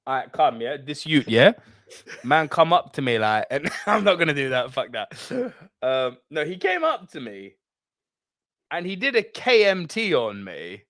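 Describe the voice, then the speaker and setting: A man's voice: fairly high pitch, sing-song, unhurried, a bit bright, no room sound, clean studio sound. A man with a posh English accent, co-hosting a podcast and telling a swearing, laughing anecdote. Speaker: podcast co-host. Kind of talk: casual chat, storytelling.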